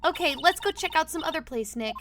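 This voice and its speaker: A woman's voice: sits high, lively intonation, fast talker, noisy background, voice pushed up. A woman reading as a perky young sidekick. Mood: upbeat. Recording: game music underneath.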